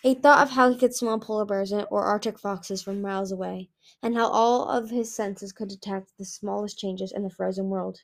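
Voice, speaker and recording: A woman reading a fantasy novel aloud in a lively, expressive way. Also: medium pitch, normal speed, creaky. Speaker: audiobook reader. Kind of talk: storybook reading.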